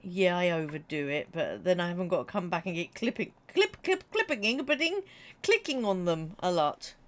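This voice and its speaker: Streaming a game, a woman from Britain chats casually with her audience in a fairly low voice with lively intonation and a moderate pace. She jokes often, has a runny nose, and reads and responds to messages from chat in her British English accent.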